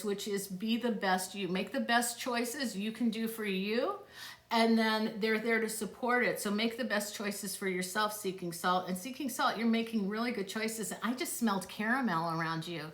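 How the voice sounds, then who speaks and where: A middle-aged woman with a mid-range, slightly bright voice fields live questions on her psychic stream. Her chat is casual and effusive, broken up by frequent gasps and laughter. A phone or tablet records her in an echoey room.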